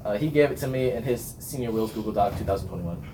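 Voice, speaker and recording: Talkative young male band captain, lively swooping voice, faint hiss behind. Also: on the low side, fast. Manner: talkative, laughs often, chants cheers. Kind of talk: casual podcast chat.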